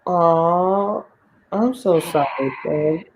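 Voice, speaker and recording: A young woman with a Southern US accent, telling a personal story in a relaxed podcast chat. Her delivery is chatty and loose, and she laughs often between sentences. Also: fairly low pitch, drawn-out words, slight background noise. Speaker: co-host. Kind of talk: casual chat.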